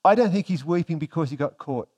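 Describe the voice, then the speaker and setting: A man preaching a conversational sermon, reading scripture slowly and softly between plain explanations. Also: a little high, lively intonation.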